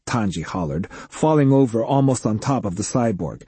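Male audiobook narrator, mellow and husky, dry close recording, steady read. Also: mid-range voice, moderate pace, hardly any pauses, no echo. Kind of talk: scripted narration.

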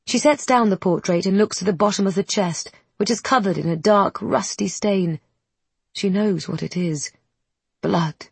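Woman audiobook narrator, lowish, husky, dry close mic. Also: darkish tone, no echo.

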